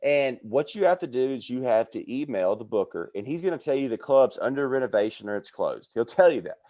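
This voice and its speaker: An American man in casual podcast talk, recounting stories from the comedy circuit with animated energy. He acts out the people he quotes as he goes, and his voice sits at an average pitch for a man. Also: fairly quick. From American South. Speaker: comedian guest.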